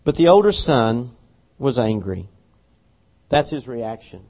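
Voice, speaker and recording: A man's voice: mid-range voice, big pitch swings, unhurried, pauses often. A man preaching a sermon, telling a story earnestly and animatedly, often restarting his words. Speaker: pastor. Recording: dull lo-fi sermon recording.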